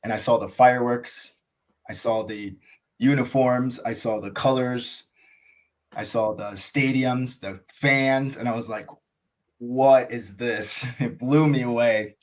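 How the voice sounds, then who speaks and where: An American man chats as a guest on a podcast, eager and rambling, his sentences looping through fillers. His voice sits at a middling pitch for a man. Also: fairly even intonation, measured pace. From USA. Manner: enthusiastic, rambling, heavy use of "like" and "you know". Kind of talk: casual interview storytelling.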